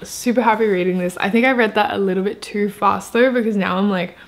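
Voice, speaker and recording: A woman's voice: mid-range voice, steady tone, fairly quick. Chatty woman book vlogger. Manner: rambling, filler-heavy, enthusiastic. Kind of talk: casual chatty vlog.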